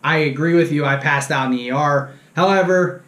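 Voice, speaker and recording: Mocking himself as he goes, a man hosting a fishing show recounts an anecdote in a lively, casual way, performing the quoted dialogue. His voice is a little high and a little fast, and the sound is roomy.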